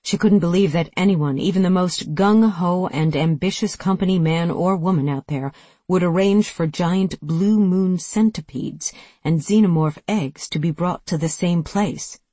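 A narrator reading a sci-fi action novel aloud, in steady, dramatic storytelling. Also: mid-range voice, a little slow, no echo. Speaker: audiobook narrator. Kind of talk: scripted narration.

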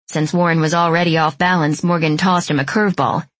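A woman narrating a novel in an even, measured way. Her voice is low and husky. The recording is dry and close, with no room sound. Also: dry recording. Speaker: audiobook narrator. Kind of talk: scripted narration.

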